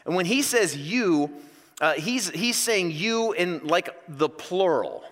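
Male pastor, sermon, bright high voice, jokey and animated, in a reverberant church hall. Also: slow. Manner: animated, joking storyteller.

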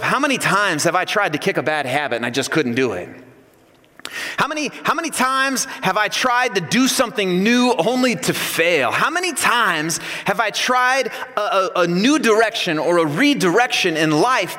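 A man preaching a sermon, animated and emphatic, acting out God's words with repeated phrases. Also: on the high side, in a large hall. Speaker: pastor.

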